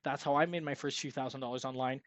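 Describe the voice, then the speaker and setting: A man's voice: mid-range voice, steady tone, fast, no echo. A young man giving an upbeat, salesy screen-share tutorial on freelance web design, sometimes acting out sample sales calls. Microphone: screen-recording mic.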